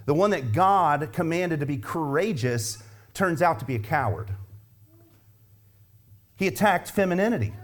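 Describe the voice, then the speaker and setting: A man preaching a sermon as pastor, emphatic and driving home points with repeated rhetorical questions. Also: fairly high pitch.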